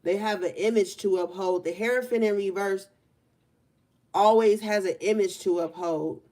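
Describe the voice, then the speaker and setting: A warm, medium-pitched young woman gives a relaxed, conversational collective tarot reading. She's in a room by an open window and stretches words out for emphasis.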